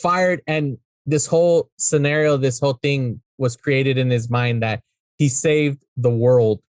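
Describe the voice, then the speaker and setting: A man's voice: mid-range voice, steady tone, unhurried, no room sound. A man co-hosting a casual podcast, talking through a movie with lots of swearing and acted-out bits of dialogue. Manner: rambling, profane, acts out scenes. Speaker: podcast co-host.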